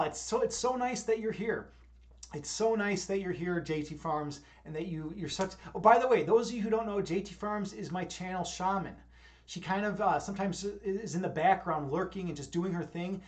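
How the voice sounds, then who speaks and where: Chicago guy streaming, fairly high voice, rambles and restarts a lot, chicago accent. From Chicago, USA. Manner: rambling, many restarts and fillers. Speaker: livestreamer. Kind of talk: casual stream chat.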